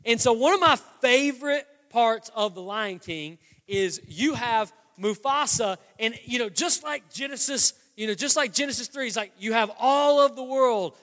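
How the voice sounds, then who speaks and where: A man in his thirties preaching a sermon, telling a story with animated energy that builds into passionate, loud preaching. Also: very high voice, moderate pace, few pauses. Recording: long hall reverb with faint guitar.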